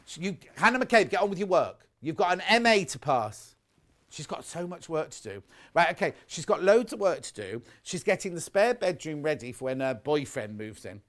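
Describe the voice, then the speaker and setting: This middle-aged British shopping-channel presenter sounds very animated, his voice a little high and a bit bright at a moderate pace. Live on air, he gossips, chats and makes rambling asides between products and viewer messages.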